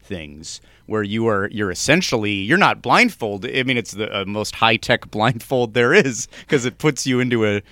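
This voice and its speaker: A man's voice: lowish voice, lively intonation, normal speed, hardly any pauses, pushed and bright, no echo, clean studio sound. A man hosting a podcast, making wry, joking asides in casual chat. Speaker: podcast host.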